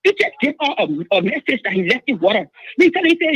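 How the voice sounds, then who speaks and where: Woman caller, Liberian English, husky, rapid and lively, insistent. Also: on the high side, no room sound. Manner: urgent, insistent, repeats herself. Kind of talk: emotional phone-in account. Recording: dull phone line.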